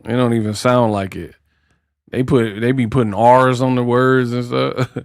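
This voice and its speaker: A man's voice: mid-range voice, little pitch movement, moderate pace, no room sound, clean studio sound. A man hosting casual boxing commentary, trash-talking and joking. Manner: trash-talking, joking, breaks into song and mock accents.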